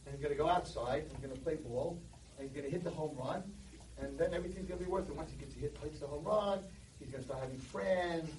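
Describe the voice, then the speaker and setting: A man playing a patient, doting father who calmly reassures a worried onlooker. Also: on the high side, fast talker, slight background noise, lightly acted. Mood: calmly reassuring. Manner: calm, reassuring. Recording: echoey hall from far off.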